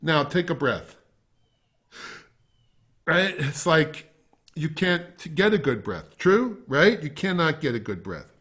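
A middle-aged man with a slightly high voice leads a masterclass on breathing. He speaks in a loose, conversational way to the class, stopping to have them try each exercise. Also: big pitch swings, slow, long pauses, a bit bright. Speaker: wind instrument teacher. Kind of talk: masterclass lecture.

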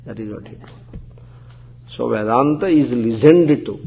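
A man teaches scripture in an easy, explanatory way, dropping in Sanskrit terms. His voice has a gravelly edge. The recording is narrow and tinny, like a phone line. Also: medium pitch, measured pace, long pauses. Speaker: Vedanta teacher, swami. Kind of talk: scripture lecture.

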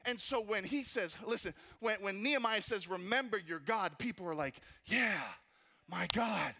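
A man preaching a sermon as pastor, energetic, asking rhetorical questions and tossing in playful asides. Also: high-pitched, moderate pace.

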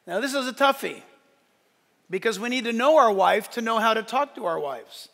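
High-voiced animated male pastor in reverberant hall. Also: normal speed, creaky. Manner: animated preaching, swings from loud to hushed. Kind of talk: sermon. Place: church sanctuary. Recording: long church hall reverb.

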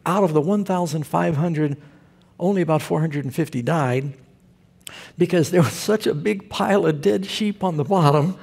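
Preaching a sermon, a man with a high, husky, slightly mellow voice and vocal fry tells funny stories. He also asks his audience questions as he goes.

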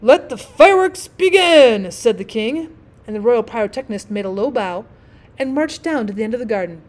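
A woman teacher reads a classic short story aloud, shaping each sentence with storytelling expression. Her voice sits a little high. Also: brisk, warm tone. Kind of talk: audiobook story reading.

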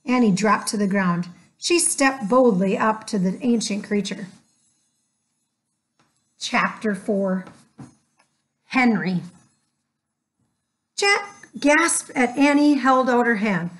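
A woman reads a children's chapter book aloud in an expressive storytelling manner. Her voice sits a little high and moves lively up and down, and she takes an unhurried pace. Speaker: audiobook narrator.

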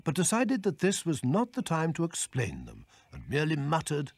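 A man reading scripted storybook narration in a lively, expressive way. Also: a little high, normal speed, no room sound.

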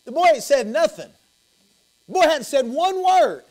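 A man's voice: very high voice, expressive, normal speed, darkish tone. A man with a Southern US accent preaching an evening sermon as pastor, impassioned, repeating and restarting phrases. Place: church sanctuary.

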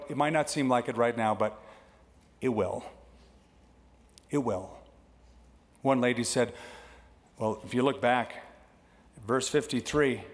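A man preaching a sermon as pastor, lively and conversational, acting out the voices he quotes. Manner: animated, acts out quoted voices with big pitch jumps. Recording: long hall reverb.

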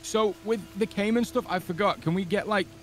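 A man's voice: high voice, fairly quick. A man playing a co-op game with a friend, jokey and giggly, with big swoops in his talk. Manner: jokey, giggly, wildly swinging delivery. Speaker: co-op gaming partner. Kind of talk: casual co-op gameplay chat.

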